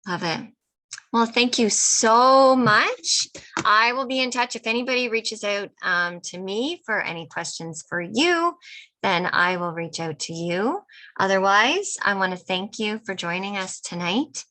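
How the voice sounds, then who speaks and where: A woman's voice: medium pitch, lively intonation, a little slow, sharp tone, rough recording. A woman hosting a casual online interview, chatty, with frequent ums and small laughs. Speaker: host.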